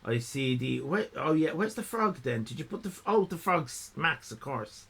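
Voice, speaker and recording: A man's voice: a little high, animated, normal speed, creaky, fairly bright tone, husky. A man hosting a live stream in casual chat, rambling, laughing and thanking viewers. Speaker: livestream host.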